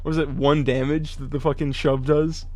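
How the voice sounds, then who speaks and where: A man's voice: a little high, level tone, moderate pace, mellow. A man streaming casually, reading card text aloud and reacting to chat with profanity and frequent laughs.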